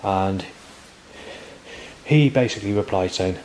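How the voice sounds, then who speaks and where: A man's voice: deep voice, fairly even intonation, normal speed, a little mellow, slight background noise, low-quality recording. A man in his forties, recording a rambling monologue to camera outdoors and circling back over his words. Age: 40s. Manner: rambling, repetitive, with frequent restarts. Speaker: vlogger.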